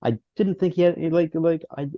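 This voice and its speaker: On a casual film review podcast, this co-host rambles, restarting often and laughing along the way. He speaks at a moderate pace in a fairly high voice, and the recording is dull, dry, lo-fi, and echo-free.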